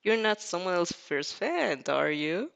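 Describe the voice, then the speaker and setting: A cocky young winged hero who teases and banters, laughing between his words, as a fanfic reader puts him on. The delivery is playful and easygoing, with a casual, mid-pitched tone. It sounds like an amateur audio fanfic reading. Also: very animated, measured pace, vocal fry, fairly bright tone, exaggerated voice. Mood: teasing. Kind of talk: fanfic read aloud.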